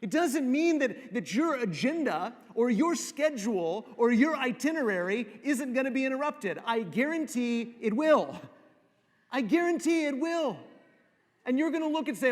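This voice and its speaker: A man preaching a sermon, repeating phrases for emphasis and dropping to soft, slow pauses. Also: very high-pitched, expressive. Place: church sanctuary. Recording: long reverb of a church hall.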